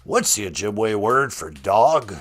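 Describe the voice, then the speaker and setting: A man's voice: on the low side, big pitch swings, slow pace, fairly bright tone, full character voice. A man voicing a goofy male talking dog who calls in to a podcast, with a folksy, jokey delivery. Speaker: caller. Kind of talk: comedy call-in sketch.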